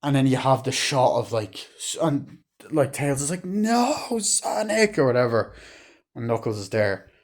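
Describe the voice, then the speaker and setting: A man giving a casual movie review, rambling excitedly, swearing often and retelling scenes. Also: mid-range voice, normal speed.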